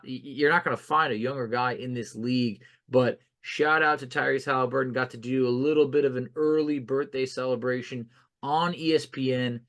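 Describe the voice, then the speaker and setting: A man's voice: mid-range voice, fairly bright tone. Rambling, self-deprecating male podcast co-host. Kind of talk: casual sports chat.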